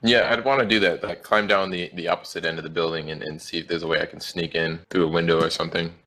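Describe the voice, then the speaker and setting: A man's voice: sits low, steady tone, fast, sharp tone. A man playing a tabletop game, chatting casually and a bit hesitantly. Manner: hesitant, laughs often. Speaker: player.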